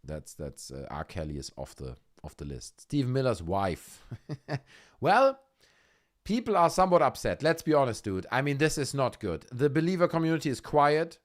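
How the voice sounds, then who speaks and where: A man hosting a live online show in a loose, sarcastic way, with a lively voice that rises and falls a lot. He mocks the clips he talks about and keeps a casual tone throughout. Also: medium pitch. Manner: sarcastic, mocking, puts on silly voices. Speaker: livestream host.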